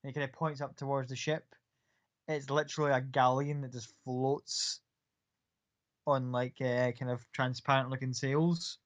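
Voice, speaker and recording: A man's voice: mid-range voice, little pitch movement, moderate pace. A man narrating as game master of a tabletop game, describing scenes in a loose, rambling way with many fillers. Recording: dull lo-fi audio.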